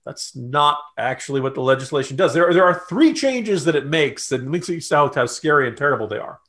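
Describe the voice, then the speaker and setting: A man co-hosting a political podcast, talking loosely and mockingly, jumping up in pitch to mimic the views he scoffs at. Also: lively intonation, a little fast, fairly bright tone. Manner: sarcastic, mocking quotes in a raised voice; loose and conversational with restarts. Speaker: podcast co-host.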